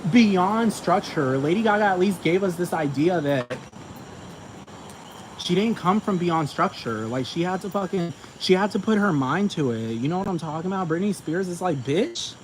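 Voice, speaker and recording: Brief: emphatic, profane male ranter, higher-pitched voice, noisy recording with traffic behind. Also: animated, moderate pace. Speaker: commentator. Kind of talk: ranting monologue. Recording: noisy with vehicle sounds behind.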